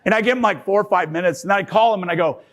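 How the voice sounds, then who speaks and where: A man emceeing a convention from the stage, telling a lively anecdote and acting out both sides before bringing on the next speaker. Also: high-pitched, racing. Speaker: event emcee. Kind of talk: energetic stage introduction.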